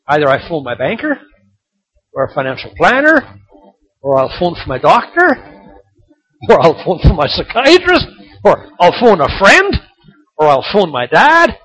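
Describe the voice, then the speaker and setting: A middle-aged man preaching a sermon, animated and rising to emphatic points. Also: high voice, unhurried, long pauses, husky. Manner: animated, rising to emphatic shouts on key lines. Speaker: pastor. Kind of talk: sermon with told jokes. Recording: dull lo-fi sermon recording.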